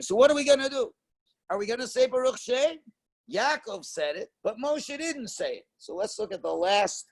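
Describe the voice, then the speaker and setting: A man, a rabbi, giving a Torah class lecture with emphatic stresses and rhetorical questions, swinging between loud stresses and soft asides. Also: sits high. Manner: emphatic, rhetorical questions, mixes Hebrew and Yiddish terms.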